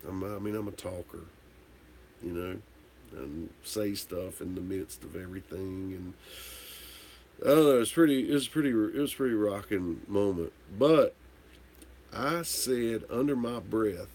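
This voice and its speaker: Low gravelly man, tipsy livestream host, loose rambling storyteller, faint hum behind. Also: a little slow, a little mellow. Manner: rambling, candid, swears casually. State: tipsy from drinking. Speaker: livestream host answering viewer comments. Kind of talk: casual storytelling chat.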